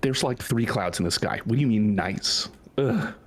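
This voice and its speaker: A man's voice: on the low side, animated, moderate pace. A man playing a sulky teen scout girl. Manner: sarcastic, complaining. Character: sulky teenage girl scout who hates camping.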